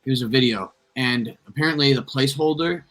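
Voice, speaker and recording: A young man co-hosting a casual sports podcast, reading stats slowly and deliberately. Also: mid-range voice, a bit bright, faint music behind, rough recording. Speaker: podcast co-host.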